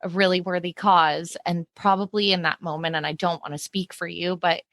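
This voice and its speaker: A woman podcast host answers her guest with empathy and thought, her voice a little low. The sound is dry and close to the microphone. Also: steady tone, a little fast, dry recording. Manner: warm and empathetic, reflective. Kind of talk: casual chat.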